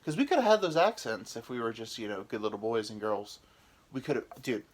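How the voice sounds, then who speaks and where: A man's voice: medium pitch, expressive, a little fast. A young American man spins a long comic anecdote on his podcast, rambling and cheerfully profane, laughing at himself as he goes. He has an ordinary mid-range voice and talks like he is chatting with a friend. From United States. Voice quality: rambling, profane, self-mocking. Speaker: podcast host. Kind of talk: casual comedic storytelling.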